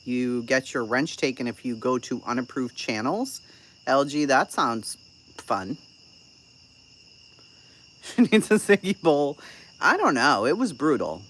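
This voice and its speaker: A woman's voice: extremely low pitch, animated, measured pace, pauses often, a bit bright, slight background noise, low-quality recording. A woman chatting casually on a live stream. She is blunt and profane, swears freely, and tells a sarcastic story about an argument.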